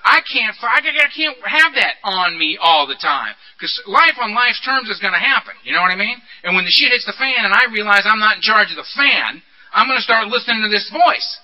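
A man speaking at a recovery meeting, candid and animated, asking rhetorical questions as he tells his story. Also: sits high, fairly quick. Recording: dull lo-fi recording.

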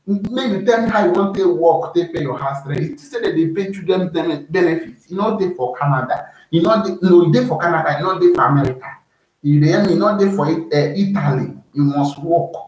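A man's voice: on the high side, far from the mic. A man from Nigeria with a Nigerian Pidgin accent, giving casual advice in a preachy, repetitive way that keeps checking the listener is following. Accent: Nigerian Pidgin English. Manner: preachy, repeats himself, keeps asking "you dey hear me". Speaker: YouTube vlogger giving advice. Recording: very echoey room, voice away from the mic.

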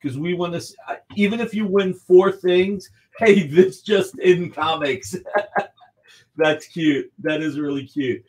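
A man's voice: on the high side, takes it slowly. Eager man running a live auction. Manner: enthusiastic, pushes bidders along. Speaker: guest auctioneer. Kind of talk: live auction sales pitch.

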